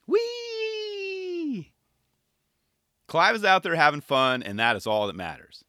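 A man's voice: mid-range voice, very animated, a little fast, bright, forceful tone, no echo, studio quality. A man giving casual commentary on a skate video in laid-back skater slang, often tagging on "right?" and "you know".

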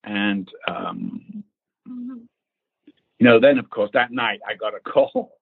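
Husky guy telling a salty story, acts out the quotes, sounds like it's over a phone. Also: medium pitch, slow pace, dry recording. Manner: animated storyteller who acts out quotes and laughs. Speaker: actor recounting a film casting. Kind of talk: casual anecdote, swearing freely. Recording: tinny phone-like line.

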